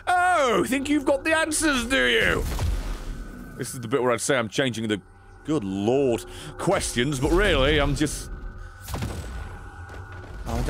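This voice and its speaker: A man streaming a violent game, giving sarcastic, sweary commentary that swings between low mutters and sudden shouts. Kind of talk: comedic gameplay commentary. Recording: game music behind voice.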